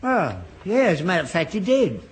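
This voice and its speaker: A man's voice: high voice, huge pitch swings, fairly quick. An older man in a British radio sitcom, playing an earnest, gullible father who grows indignant when mocked.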